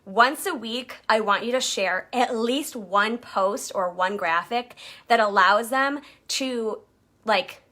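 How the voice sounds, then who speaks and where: Bright-voiced woman coaching her team. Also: on the high side, slow. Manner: chatty, acts out quotes in jumpy voices. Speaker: direct-sales team leader. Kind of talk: motivational coaching talk.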